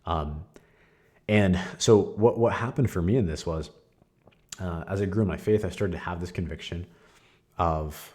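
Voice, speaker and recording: A young man hosting a podcast, sharing a candid personal testimony in a casual, conversational way with frequent fillers and soft laughs. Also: deep voice, moderate pace, long pauses. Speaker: podcast host.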